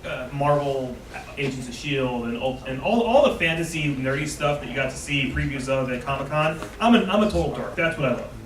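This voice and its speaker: A man's voice: medium pitch, brisk, slight background noise. Stammering, self-mocking male comedian. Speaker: comedian panelist. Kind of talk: live comedy panel banter. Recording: roomy stage sound from far off, crowd.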